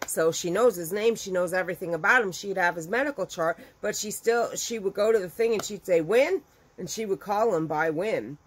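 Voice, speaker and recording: A middle-aged woman, a crochet business owner, telling a story to her viewers in a chatty, animated way and acting out the quotes. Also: mid-range voice, fairly quick, hardly any pauses, husky, low-quality recording.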